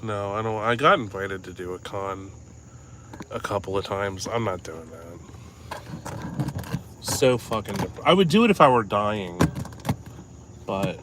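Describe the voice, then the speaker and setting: Profane rambling man on a noisy street. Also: lowish voice. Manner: rambling, profane, cynical, lots of ums. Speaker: vlogger. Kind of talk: casual chat. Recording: loud street noise. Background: traffic and street noise.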